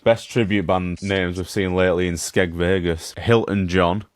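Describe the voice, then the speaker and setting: A man's voice: sits low, fairly even intonation, moderate pace, no room sound. A man, a podcast co-host reading out listener messages and chuckling between them. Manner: reads out comments, chuckles often. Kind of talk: casual chat.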